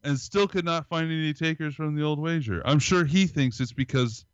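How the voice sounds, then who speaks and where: A man's voice: on the high side, moderate pace, clear, resonant tone, no room sound, muffled recording. A man co-hosting a podcast, reading an article aloud with dry, wry remarks. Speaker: podcast co-host.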